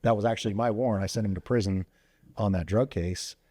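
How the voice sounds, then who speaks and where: A man who is a former police officer, telling stories as a podcast guest in a quick, animated way full of fillers and restarts. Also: on the low side, breathy edge, no room sound. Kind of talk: casual storytelling interview. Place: podcast studio.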